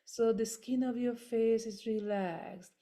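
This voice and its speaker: A woman with a fairly high voice leads voice and body exercises in unhurried, gentle steps, showing each one first. Her English has non-native phrasing, and she comes through a video call. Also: fairly even intonation. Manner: gentle step-by-step coaching with demonstrations. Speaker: voice workshop leader.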